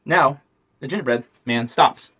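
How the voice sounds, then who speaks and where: A man's voice: mid-range voice, a little slow, bright, forceful tone, slightly rough. A man telling a playful, folksy story aloud and voicing its characters. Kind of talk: animated storytelling.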